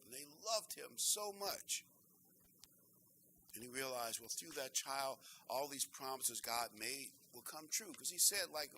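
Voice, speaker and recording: An older man preaching a sermon, earnest and emphatic, slowing down to stress key phrases. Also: mid-range voice, bright, forceful tone, slight background noise, rough recording.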